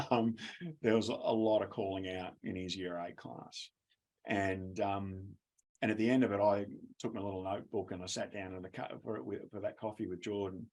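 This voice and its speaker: A man's voice: lowish voice, fairly even intonation, normal speed, darkish tone. An Australian man presenting a webinar, telling a chatty classroom story with laughs, speaking over a video call. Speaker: education presenter.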